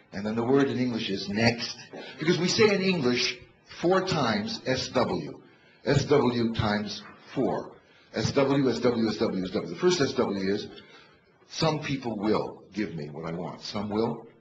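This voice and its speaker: An older man giving a funny motivational talk on stage to a live audience, animated and storytelling. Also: lowish voice, a little slow. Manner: animated storyteller, bursts into shouts to rouse the crowd. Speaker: motivational comedian. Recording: echoey, dull live hall recording with noise.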